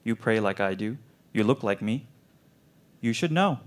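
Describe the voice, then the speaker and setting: A young man voicing a gentle, sorrowful male doctor from a war zone who asks quiet, probing questions. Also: lowish voice, lively intonation, measured pace. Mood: gently probing.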